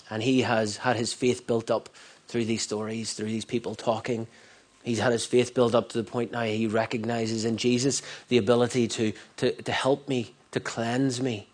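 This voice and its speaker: A man's voice: mid-range voice, level tone, normal speed. A man preaching a sermon earnestly, repeating phrases for emphasis and often restarting mid-sentence. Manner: many restarts and stumbles.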